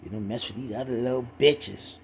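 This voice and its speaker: A man's voice: medium pitch, a little fast, vocal fry, a little hiss or hum, lightly acted. A man mimicking a scheming gossipy woman. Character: gossiping woman goading a girlfriend.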